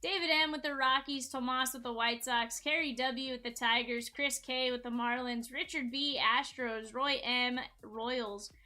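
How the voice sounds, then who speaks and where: A woman's voice: high-pitched, steady tone, unhurried, hardly any pauses, pushed and bright. A woman hosting a live card break stream, chatty and upbeat, talking straight to her viewers.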